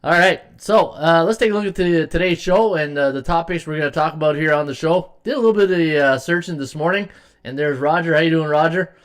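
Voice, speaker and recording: A man's voice: a little high, brisk, smooth. A middle-aged man hosts a live sports betting podcast, rambling with many fillers and reading viewer comments aloud. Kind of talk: casual live-stream chat.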